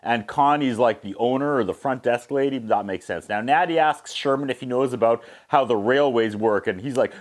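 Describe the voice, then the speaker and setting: A man recapping a movie's plot with sarcastic asides, briefly acting out the characters in quick voices. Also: medium pitch. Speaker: movie reviewer.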